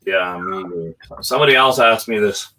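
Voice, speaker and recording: A man in casual chat who reads book passages aloud slowly and low, from Canada. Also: sharp tone, low-quality recording. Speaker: guest whisky reviewer.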